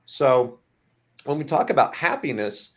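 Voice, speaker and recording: A man's voice: medium pitch, very animated, a little slow. A man speaking earnestly as a podcast guest, stumbling over his starts. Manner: earnest, repeats himself when starting. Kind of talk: casual chat.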